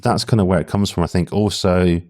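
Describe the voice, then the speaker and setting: A man's voice: deep voice, fairly even intonation, brisk, a little mellow, no room sound, clean studio sound. A British man speaking candidly as a guest in a casual podcast interview, with frequent restarts. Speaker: podcast guest, talent acquisition head.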